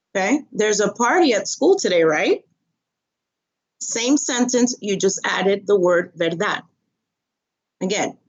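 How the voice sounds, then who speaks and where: A woman's voice: mid-range voice, a little slow. A woman teaching an online Spanish lesson, patient and methodical, repeating phrases and stressing the rise of a question. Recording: dull lo-fi audio.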